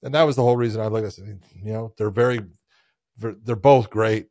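A man co-hosting a casual sports podcast, telling stories in a loose, animated, profane way. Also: on the low side, fast, no echo, studio quality. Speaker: podcast co-host.

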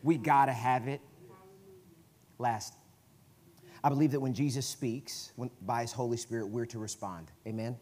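A man with a Southern US accent, a guest preacher giving a conversational sermon in a church, swinging from quiet asides to emphatic, loud bursts. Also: mid-range voice, fairly even intonation, normal speed. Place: church sanctuary.

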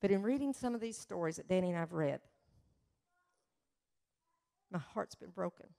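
A woman telling a story in a church sermon, slow and earnest, swelling with emotion at times. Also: lowish voice, animated, gravelly, mellow. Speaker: church speaker. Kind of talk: testimony sermon.

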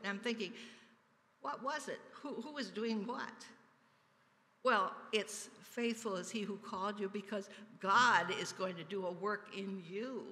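An older woman giving an earnest personal testimony during a church service, telling stories with soft laughs. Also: mid-range voice. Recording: reverberant church sanctuary.

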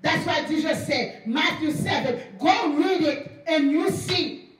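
A woman pastor with a high voice delivers an animated sermon, repeating phrases and acting out exchanges for emphasis. She is picked up from some distance, and her words ring through a very echoey church hall. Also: takes it slowly, slight background noise. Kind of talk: preaching a sermon.

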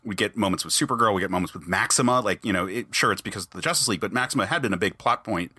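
A man's voice: fairly low pitch, very fast, sharp tone, slightly rough, no echo. A man hosting a podcast, talking casually and enthusiastically in a rambling way with many restarts. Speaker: podcast host.

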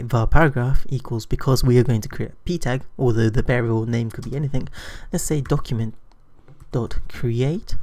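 A man giving a screen-recorded coding tutorial, thinking aloud in an unhurried way with frequent fillers. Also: medium pitch, a little mellow. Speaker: programming tutor.

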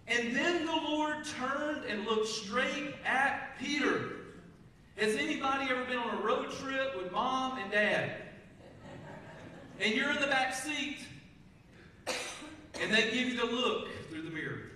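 Male pastor, bright and high, conversational sermon, recorded from a distance in an echoey sanctuary with faint room noise. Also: animated, moderate pace. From Texas. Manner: conversational preaching, asks the congregation questions. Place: church sanctuary. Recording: echoey church hall, mic from a distance.

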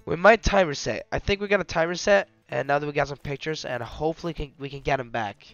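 A man streaming a hunting game, talking to his viewers in excited, rambling commentary. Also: a little high, quick pace, no room sound, lo-fi sound, soft background music. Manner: excitable, yelling in bursts then whispering to prey. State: hyped and emotional. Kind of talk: live gaming commentary.

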